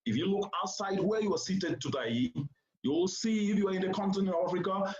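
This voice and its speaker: A man's voice: high-pitched, brisk. A man giving a formal keynote address to a seated audience, speaking in an oratorical, emphatic way and repeating points for stress. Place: conference venue before a seated audience. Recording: roomy, slightly dull sound.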